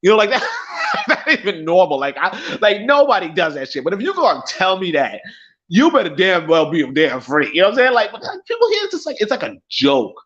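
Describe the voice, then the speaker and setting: A man's voice: high voice, huge pitch swings, brisk, a bit bright. A young man hosting a casual livestream who rambles, swears freely, repeats himself and laughs often. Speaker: livestream host. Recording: dull lo-fi stream audio.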